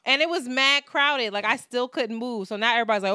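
A woman's voice: a little high, brisk, sharp tone, smooth, no echo, clean studio sound. A woman, co-hosting a podcast and telling a story in casual, profane talk, acting out what people said. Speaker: podcast co-host.

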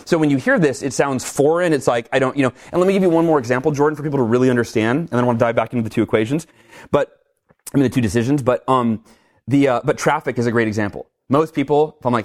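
A middle-aged man talking in an interview, energetic and animated, acting out his own reactions as he tells stories. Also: fairly high pitch, fast talker. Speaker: guest speaker. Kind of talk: conversational interview, storytelling.

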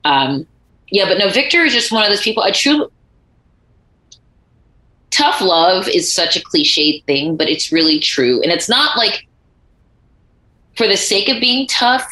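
A woman author being interviewed, telling animated stories and acting out the voices of people she quotes. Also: mid-range voice, measured pace, pauses often, echoey room, poor audio. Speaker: author and guest. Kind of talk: conversational interview.

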